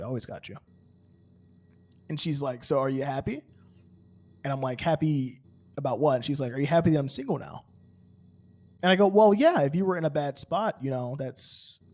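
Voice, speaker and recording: Here a man with a medium-pitched, darkish voice roleplays on a game server. His in-character story comes out as rambling casual chat, heavy with fillers and stammered restarts.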